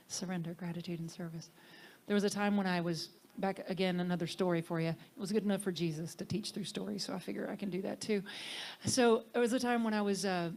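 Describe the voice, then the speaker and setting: Woman minister preaching with soft dips. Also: mid-range voice. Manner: warm conversational preaching, dropping to soft near-whispers for emphasis. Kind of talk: sermon.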